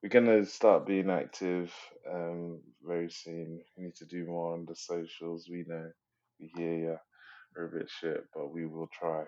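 A man's voice: low-pitched, flat delivery, measured pace, mellow. A man co-hosting a podcast, talking casually in a laid-back way on a dull mic. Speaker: podcast co-host. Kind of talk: casual chat.

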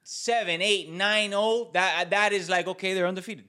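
Podcast co-host, male, bright tone, animated banter. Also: high voice, moderate pace, smooth. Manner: animated, says "bro" often, loud when excited. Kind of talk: casual chat.

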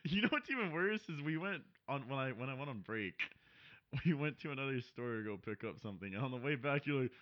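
A man's voice: medium pitch, expressive, fast talker. A young man co-hosting a casual comedy podcast, teasing his friend, swearing a lot and laughing often. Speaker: podcast co-host. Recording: dull lo-fi recording.

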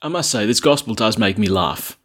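A man's voice: fairly low pitch, expressive, fairly quick, fairly bright tone. A man, a priest reading the Gospel and then preaching a chatty, lightly humorous homily.

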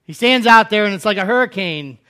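A man preaching a conversational sermon as a pastor, swinging from loud, dramatic cries to hushed, low lines. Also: expressive, a little fast, clean tone. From United States.

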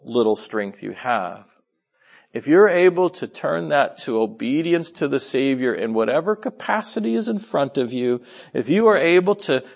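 A man's voice: mid-range voice, creaky. A man preaching a sermon in an earnest, emphatic way, often restarting his phrases. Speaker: pastor.

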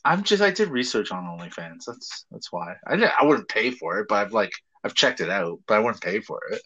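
A man in loose, joking conversation, his voice swinging lively up and down with a bright, forceful edge. The recording is a little dull and lo-fi. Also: lowish voice, brisk, husky. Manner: joking, teasing, laughs often. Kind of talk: casual chat. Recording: dull lo-fi sound.

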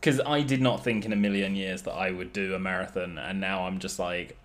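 A young man talks as a guest on a relaxed podcast. His voice sits very low. He jokes easily and pokes fun at himself. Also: fairly quick, hardly any pauses. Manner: jokey, self-mocking. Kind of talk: casual podcast chat.

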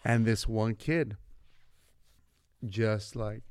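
A man in his forties with a gravelly, middle-pitched voice, telling school stories in a lively way. He leans on "man" and "like" and acts out the people he quotes. The sound is dry and close. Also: normal speed, dry recording. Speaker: vice principal and former coach, podcast guest. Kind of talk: casual storytelling conversation.

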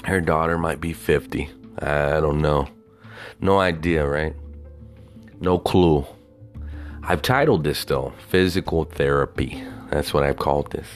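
A man's voice: very deep voice, unhurried, faint music behind. A man casually telling a rambling story, full of swearing and unsure asides. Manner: profane, hesitant, self-doubting.

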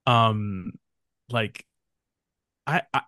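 A man speaking as a podcast guest in casual conversation, relaxed and rambling with frequent restarts. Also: lowish voice, extremely slow, no room sound, studio quality. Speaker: podcast guest, film critic.

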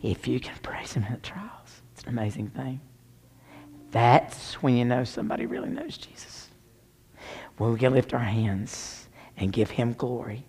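A man's voice: lowish voice, gravelly, a little mellow, breathy edge. A man preaching a sermon, telling a personal story with dramatic shifts down to near whispers. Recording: long hall reverb.

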